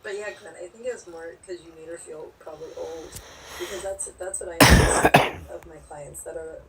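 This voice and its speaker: Blunt, low-voiced woman in her forties. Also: fairly even intonation, moderate pace, a crowd in the background. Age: 40s. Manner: blunt, rambling, swears freely. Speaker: live streamer. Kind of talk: casual chat reading viewer comments. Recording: distant mic with faint background noise.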